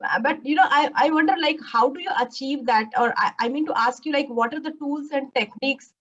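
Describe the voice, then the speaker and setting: A woman hosting an online interview and asking questions, with frequent soft hums of agreement. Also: sits high, a little fast, recorded from a distance, muffled recording. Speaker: summit host and interviewer.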